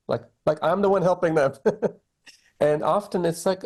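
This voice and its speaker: Middle-aged male doctor guest, candid, conversational, lively storytelling. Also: sits high, normal speed, pauses often. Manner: candid, animated storytelling with quoted dialogue. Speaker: oncologist guest. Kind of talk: conversational interview.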